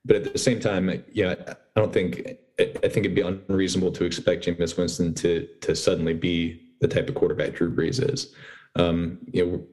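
A man with a very deep voice joins a sports podcast as a guest writer. He explains his points in a relaxed, easygoing way, leaning on lots of filler words as he goes. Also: normal speed. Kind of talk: casual sports talk.

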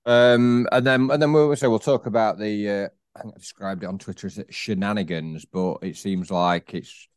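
A man's voice: on the low side, steady tone, normal speed, clean tone, no echo, studio quality. A man co-hosting a casual football podcast, stumbling over his words and repeating himself, with bursts of teasing. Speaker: podcast co-host.

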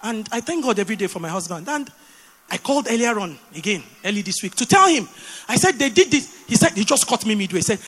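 A Nigerian woman preaching a sermon, animated and full of repeated rhetorical questions. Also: medium pitch, fast talker, slightly rough, in a large hall.

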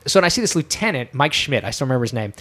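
A man born in Israel, a comedian, telling an animated anecdote on a casual podcast and acting out the people in it. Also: medium pitch, rapid-fire. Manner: animated storyteller who acts out the people in his anecdotes.

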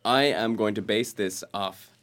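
A man's voice: fairly low pitch, unhurried, fairly bright tone. A man co-hosting a casual science podcast, teasing his co-host and laughing often.

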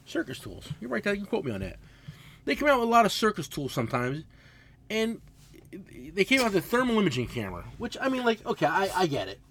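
Loud, profane man telling stories. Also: high-pitched, huge pitch swings, quick pace, a little hiss or hum. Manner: loud, profane storytelling, shouting bits of his stories. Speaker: podcast co-host, mechanic. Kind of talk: casual podcast chat.

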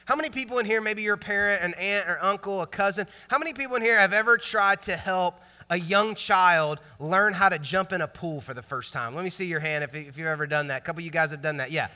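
A male pastor in his thirties preaching in an animated, storytelling way. His voice is high and very bright. It carries a long reverb, as from a church sanctuary. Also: quick pace, hardly any pauses. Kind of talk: sermon.

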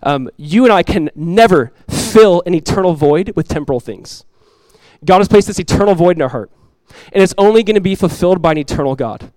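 A man in his thirties, a pastor giving a sermon in a relaxed, conversational way, telling stories with asides. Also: high-pitched, brisk, no room sound, rough recording. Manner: conversational, animated storytelling with asides.

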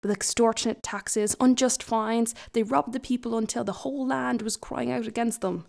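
Woman storyteller, folk tale read aloud, fairly high voice, chatty asides. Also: fairly even intonation, moderate pace, gravelly, darkish tone. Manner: chatty asides between passages.

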